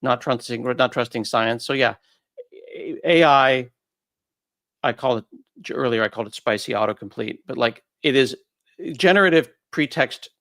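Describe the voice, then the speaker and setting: A man in a casual interview, talking in an animated way and slipping into quick put-on voices for quoted people. His voice sits at a middle pitch. The sound is close and dry, with no room around it. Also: no room sound. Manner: animated explainer who acts out quoted voices. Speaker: guest. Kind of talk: conversational interview.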